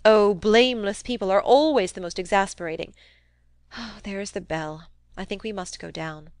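A woman's voice: medium pitch, moderate pace, a little mellow, smooth, no room sound, natural voice. A woman reading the part of a plain-spoken young woman with a dry, blunt manner.

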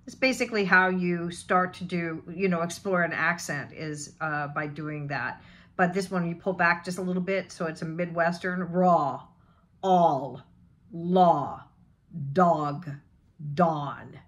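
A woman's voice: lowish voice, steady tone, a bit bright. A woman teaching a pronunciation lesson, giving tongue and lip directions and drawing out example words one by one. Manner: demonstrates vowel sounds with slow drawn-out example words. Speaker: voice and accent coach.

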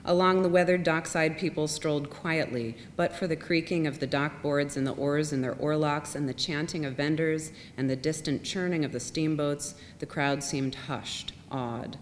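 A woman reading literary fiction aloud in a measured, softly expressive way. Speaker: reader. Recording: long reverb, faint rumble.

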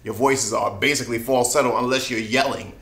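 A man's voice: mid-range voice, fairly even intonation, fairly quick, fairly bright tone. A man giving a casual singing lesson, chatting with easy laughs and often asking "you know what I mean?". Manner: laughs between points. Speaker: singing teacher. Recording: echoey room.

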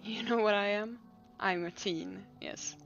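Sulky grumbling teenager, read by a woman, slow, bright voice, faint music. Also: medium pitch, steady tone, vocal fry, highs cut off. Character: moody bored teenager. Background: faint game music.

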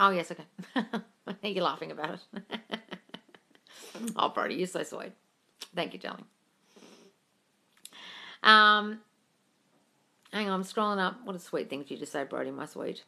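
A woman's voice: fairly low pitch, unhurried, vocal fry, long pauses, pushed and bright. A woman answering viewer questions on a casual phone livestream from home. She reads comments aloud, swears freely and calls everyone darling. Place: at home with her cat.

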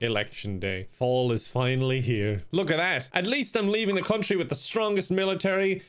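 A man's voice: a little high, animated, moderate pace, few pauses, a bit bright, clean tone. A man giving jokey gameplay commentary, laughing often and muttering his reactions. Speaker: gaming video creator.

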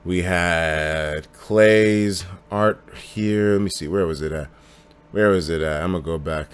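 A young man streaming live, telling a story in casual chat. He swears freely and swings from low mutters to loud bursts. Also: measured pace, clear, resonant tone.

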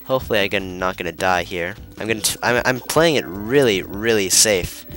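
A man's voice: lowish voice, brisk, fairly bright tone, faint music behind. A young man giving rambling, flustered commentary while playing a video game, full of fillers and restarts. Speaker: let's player. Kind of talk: gameplay commentary.

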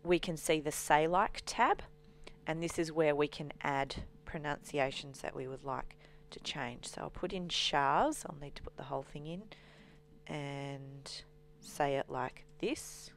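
A woman walking through a software demonstration as a trainer, explaining steadily with frequent ums. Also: low-pitched, a little slow, a little hiss or hum.

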